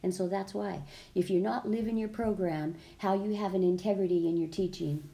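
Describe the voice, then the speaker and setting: Woman guest, mellow tone, rambling animated storyteller who acts out her quotes. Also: mid-range voice, moderate pace, creaky. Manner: rambling, with many restarts and fillers. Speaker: guest, colon hydrotherapist. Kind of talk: casual storytelling in an interview.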